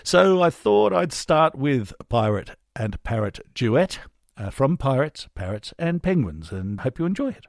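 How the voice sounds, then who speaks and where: A man's voice: mid-range voice, very animated, measured pace, gravelly. An Australian man narrating a podcast in a casual, chatty, self-deprecating way, a former drama teacher. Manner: chatty, self-deprecating, drops into silly character voices.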